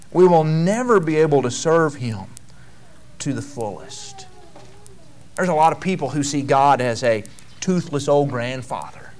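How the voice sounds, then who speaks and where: Male preacher, high voice, conversational sermon, folksy asides. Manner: reads scripture slowly, then tells homey stories with frequent asides.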